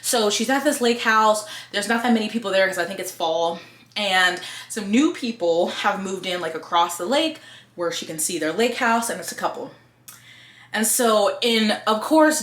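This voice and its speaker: Woman, casual book vlogger, frank and expressive, mid pitch, reverberant room sound. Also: normal speed. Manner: blunt and expressive, swears casually. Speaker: book reviewer. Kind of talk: casual review chat.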